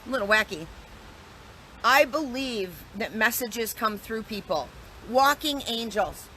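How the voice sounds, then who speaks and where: A woman shares a personal story in an earnest, reflective way, often circling back and repeating herself. Her voice is bright and forward, and there is a faint hum of room noise behind her. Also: a little high, animated, measured pace. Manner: earnest, reflective, with frequent restarts and repetitions.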